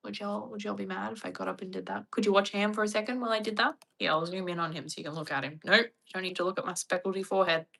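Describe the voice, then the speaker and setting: Woman, Australian accent, young adult, casual livestream chat, wry, crisp bright tone, gravelly fry. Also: medium pitch, fairly even intonation, rapid-fire, hardly any pauses. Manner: chatty, wry, mock-dramatic impressions.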